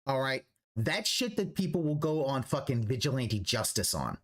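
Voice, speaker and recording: A man's voice: mid-range voice, sing-song, normal speed. A man streaming a reaction, ranting profanely and restarting his sentences as he goes. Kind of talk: livestream reaction commentary.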